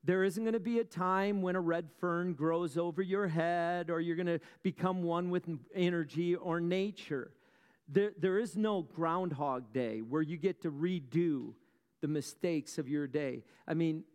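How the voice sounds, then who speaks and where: A man preaching in a big church hall, his somewhat high voice ringing with a long echo. He tells stories with dramatic pauses, poses rhetorical questions and drops wry asides to the congregation. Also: clean tone. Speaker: pastor. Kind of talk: sermon.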